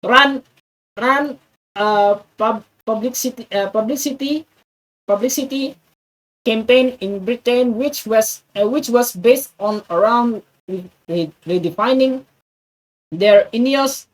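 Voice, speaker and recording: A woman with an Indonesian accent reads an English passage aloud for practice. She stumbles, repeats words and restarts often. Her voice sits somewhat high and she is a little far from the microphone. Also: measured pace. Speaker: English learner reading aloud.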